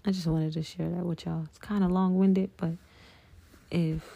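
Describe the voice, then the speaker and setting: Woman, gravelly low voice, casual spiritual talk, earnest, swears freely, dry close sound. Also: flat delivery, normal speed, warm tone, no room sound. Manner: earnest, profane, addresses listeners as y'all. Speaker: podcast host.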